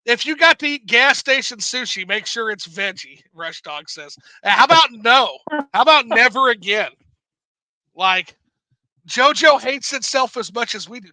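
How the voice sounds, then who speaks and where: Male streamer host, high and very bright, dry sound, animated and profane. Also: measured pace, no room sound, low-quality recording. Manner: animated, swears freely, laughs often. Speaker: livestream host reading chat. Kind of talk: casual livestream chat.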